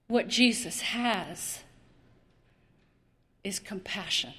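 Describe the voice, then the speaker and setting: Slow dramatic woman preacher in a reverberant church. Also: a little high, a bit bright. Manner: slow, dramatic preaching with long pauses and repetition. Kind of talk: sermon.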